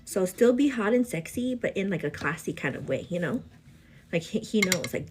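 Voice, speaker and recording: A pregnant young woman chatting casually to her viewers while getting ready at home, animated and full of fillers. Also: medium pitch, brisk, noisy background. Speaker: vlogger. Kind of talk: casual get-ready-with-me chat.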